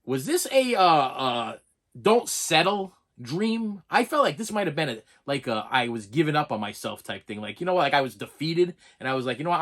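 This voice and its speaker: A middle-aged man hosting his own channel, telling a long story in an excitable, repetitive way and talking straight to his viewers. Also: fairly high pitch, normal speed. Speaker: channel host. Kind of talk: rambling storytelling vlog.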